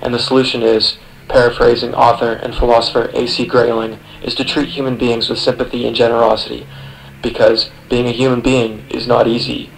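A man's voice: mid-range voice, level tone, brisk, gravelly, a little hiss or hum, rough recording. Sardonic young man narrating an essay. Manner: sardonic, profane, second-person address. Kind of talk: scripted voice-over narration.

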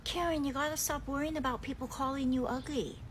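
A woman's voice: high-pitched, steady tone, fairly quick, slight background noise, pitched above the performer's own voice, lightly acted. A woman voicing a dry, sarcastic police officer in a comedy skit. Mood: deadpan.

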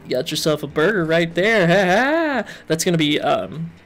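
A man's voice: fairly high pitch, very animated, normal speed, a bit bright, faint music behind. A young man giving playful, joking let's-play commentary as he works through a game. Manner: playful, jokey, chatty with game characters. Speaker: gaming video host.

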